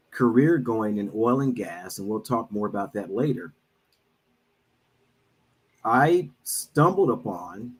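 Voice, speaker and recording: A middle-aged man speaking as a guest on an online talk, telling a personal story in an earnest, measured way with frequent pauses. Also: fairly low pitch, breathy edge, poor audio. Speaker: guest speaker, minister and financial advisor.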